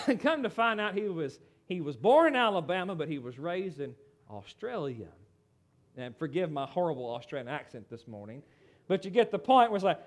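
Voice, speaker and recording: Middle-aged american pastor preaching, high voice, swoops all over, chatty asides. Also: male voice, a little fast. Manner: animated, conversational, asides to the congregation. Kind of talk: sermon.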